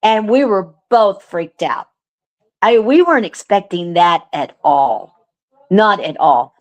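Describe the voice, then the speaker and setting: A woman guest telling a story in casual chat, earnest and animated, with lots of fillers. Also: medium pitch, takes it slowly, muffled recording. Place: remote call.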